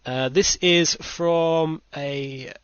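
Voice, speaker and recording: A man's voice: on the high side, steady tone, extremely slow, a bit bright, clean tone, no echo. Rambling British man hosting a podcast. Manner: rambling, dry self-mocking. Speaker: podcast host. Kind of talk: casual chat. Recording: dull lo-fi home recording.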